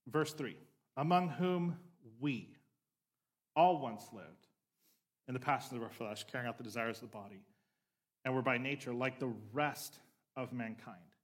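A man's voice: mid-range voice, unhurried, pauses often. Man preaching, casual and emphatic. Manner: conversational preaching, frequent "right?" asides, swings from emphatic to quiet. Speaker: pastor. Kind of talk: sermon.

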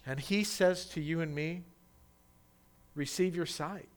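A man delivering a sermon who reads the passage aloud and then explains it. His voice sits a little on the high side for a man. He swings between loud, dramatic cries in the quoted voices and soft, close asides. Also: slow pace. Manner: acts out quoted voices loudly. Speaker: preacher.

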